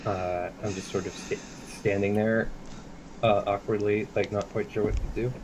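A man talks through his moves in a tabletop game, stammering and repeating himself. His voice sits on the low side. Clear hiss from the mic runs under it. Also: level tone, moderate pace. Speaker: player. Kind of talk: casual tabletop game play.

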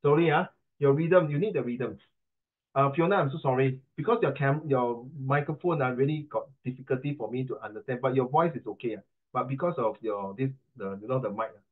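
A man's voice: medium pitch, a little fast. Singaporean man teaching over a tinny call. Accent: Singaporean English. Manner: chatty, teasing, mixes in Mandarin. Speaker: English pronunciation tutor. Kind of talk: online class coaching. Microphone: video call. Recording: tinny video call line.

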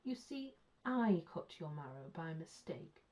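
A woman's voice: low-pitched, big pitch swings, unhurried, dark tone. A woman voicing a sensible, patient middle-aged mother who speaks reassuringly. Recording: muffled lo-fi sound.

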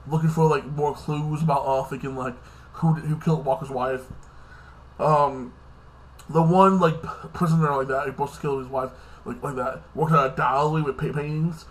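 Man rambling through a show recap, slightly high voice. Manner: rambling, fills with "like this" and "like that"; swears casually. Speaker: TV episode reviewer.

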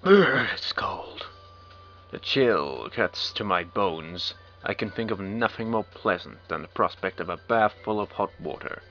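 Male let's player, lowish sharp voice, dry sarcastic asides while reading game text. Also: unhurried, hardly any pauses. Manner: wry, sarcastic asides between read lines. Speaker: let's play commentator. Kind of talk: reading game text aloud with joking commentary. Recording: dull lo-fi recording with faint game music.

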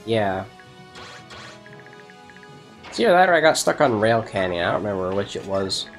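A man's voice: on the low side, big pitch swings, moderate pace, faint music behind. Rambling man chatting over a game. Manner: rambling, laughs often, restarts. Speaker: let's play host. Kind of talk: casual gaming chat.

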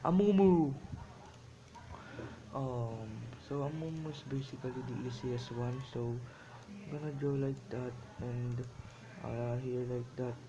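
A man narrates his drawing as he goes, rambling and amused with himself. He speaks slowly, at an unhurried pace, in a voice of ordinary pitch, and his English phrasing is often broken. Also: fairly even intonation, noisy background. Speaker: drawing vlogger. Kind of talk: rambling commentary while drawing.

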